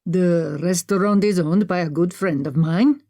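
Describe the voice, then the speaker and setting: A woman's voice: fairly low pitch, mellow, faint music behind. Virage, a woman doing an Indian-accented man. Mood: effusive. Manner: slow, effusive, formal politeness. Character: friendly middle-aged Indian man, a warm driver.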